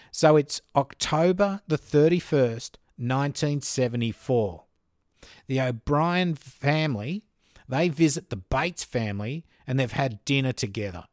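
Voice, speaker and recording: An Australian man hosts a true crime podcast, telling the story in an easygoing, chatty way and dropping in joking asides. His voice sits at an ordinary middle pitch. The recording is dry and close, with no room sound. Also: animated, a little slow, no room sound. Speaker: podcast host.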